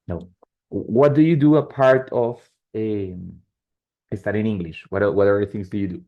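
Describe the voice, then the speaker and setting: A man teaching an online English lesson, explaining slowly and often checking in with "right?" and "yes?". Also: fairly low pitch. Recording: dull lo-fi call audio.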